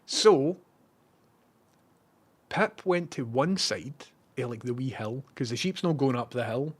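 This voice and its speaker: A man's voice: mid-range voice, expressive, takes it slowly, slightly rough. A man with a Scottish accent, a live streamer telling a rambling story and reading out viewer messages.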